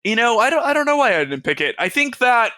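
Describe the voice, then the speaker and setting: A man's voice: very high voice, sing-song, fast, bright, forceful tone, no room sound. A man co-hosting a casual anime podcast, talking hesitantly with many fillers and frequent laughs. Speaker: podcast co-host. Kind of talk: casual chat.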